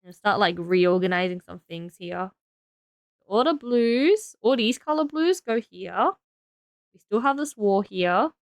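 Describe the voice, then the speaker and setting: A woman's voice: medium pitch, lively intonation, a little slow, no echo. A woman streaming, chatting casually and giggling as she builds and talks to her viewers, tired and trailing off into self-talk. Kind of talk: casual live-stream chat while building.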